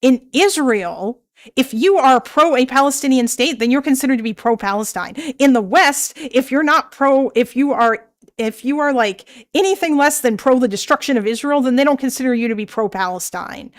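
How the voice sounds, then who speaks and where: A woman's voice: high-pitched, animated, moderate pace. A woman in a heated online debate, exasperated and profane, insisting on finishing her point.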